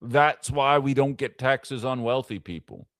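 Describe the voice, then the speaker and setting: A man's voice: mid-range voice, measured pace, a bit bright, no room sound, clean studio sound. Impassioned man hosting political commentary. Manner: impassioned, fires off rhetorical questions. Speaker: host of a political commentary show. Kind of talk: live-streamed political commentary.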